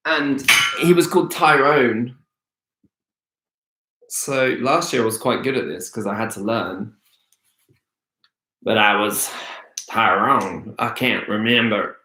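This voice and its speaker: A man's voice: medium pitch, fairly bright tone, echoey room. A man hosting a casual live-stream Q&A as an actor, chatty and rambling with many hesitations. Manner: rambling, hesitant, full of ums.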